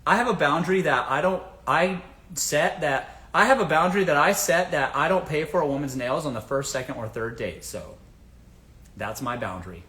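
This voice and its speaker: A man's voice: fairly high pitch, normal speed, sharp tone. A man from the American South hosting a casual livestream, giving blunt dating advice, swearing freely and asking the audience rhetorical questions.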